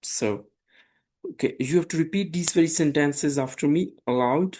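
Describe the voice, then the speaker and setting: A man from Pakistan teaching a beginner French lesson, speaking patiently and deliberately, giving French phrases and their English meanings for the listener to repeat. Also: on the high side, a little mellow. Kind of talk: slow language lesson with repetition drills.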